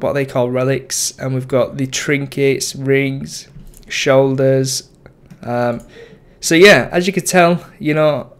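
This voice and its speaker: A man's voice: mid-range voice, clear, resonant tone. A young man giving casual, rambling commentary over his game, full of ums and self-corrections. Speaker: gaming YouTuber.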